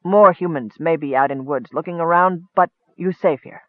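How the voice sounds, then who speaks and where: A man's voice: fairly high pitch, moderate pace, no echo, lightly acted. A man voicing a sly male goblin who speaks in broken, knowing sentences, heard over a tinny phone-like line.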